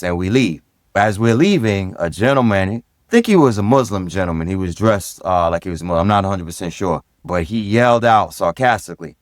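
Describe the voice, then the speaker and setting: A middle-aged man from Brooklyn, a former police sergeant guesting on a podcast, telling stories from his career in an easygoing, direct way and getting animated when he acts out conversations. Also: fairly low pitch, brisk, no echo, studio quality. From Brooklyn, New York. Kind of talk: casual storytelling in a podcast interview.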